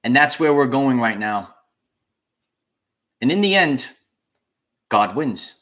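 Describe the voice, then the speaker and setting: A man's voice: mid-range voice, sing-song, slow pace, a bit bright. A man hosting a spiritual livestream, talking to his viewers and repeating key phrases with preacher-like emphasis. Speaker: channel host.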